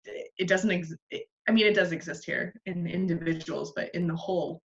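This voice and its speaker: A woman chatting casually as a guest on a podcast, self-deprecating and quick to laugh. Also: fairly low pitch, steady tone, gravelly. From United States. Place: Australia. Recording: slightly dull lo-fi sound.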